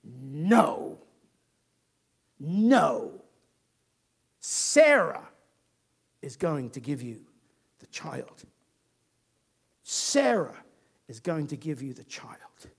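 A commanding, fatherly God speaks slow and emphatic, his voice pitched high and carrying, as a male preacher acts him out. He stresses each promise firmly. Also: very animated, full character voice. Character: God, a booming reassuring fatherly deity.

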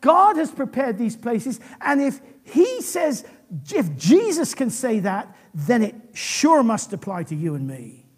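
Lively husky-voiced man preaching a sermon. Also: very high voice, unhurried. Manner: animated, restarts sentences often.

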